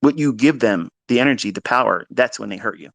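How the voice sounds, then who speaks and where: A man's voice: expressive, a little fast, creaky, no room sound. Blunt, profane man lecturing on trading. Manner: blunt, profane, swings from low mutters to loud emphatic outbursts. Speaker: trading mentor. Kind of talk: unscripted motivational lecture.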